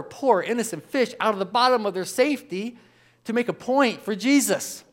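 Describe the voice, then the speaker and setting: A man preaching a sermon, animated, acting out the voices of the people in the story. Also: high-pitched, moderate pace. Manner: animated, acts out voices of biblical figures. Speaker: pastor.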